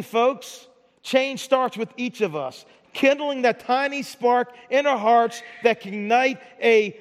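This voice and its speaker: A middle-aged man preaching a sermon as pastor, talking in a conversational way, often repeating words and tagging lines with "right?". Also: extremely high pitch. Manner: conversational preaching with repetitions and tag questions. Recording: large hall reverb.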